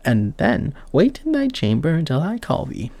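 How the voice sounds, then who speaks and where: Brief: stern old woman of a fairy tale, deliberate and gravelly, in a dry close recording; a man reads her. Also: a little high, wildly swooping pitch, darkish tone, no room sound, voice pushed up, exaggerated voice. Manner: slow, archaic and measured. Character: stern old wise woman, kindly underneath.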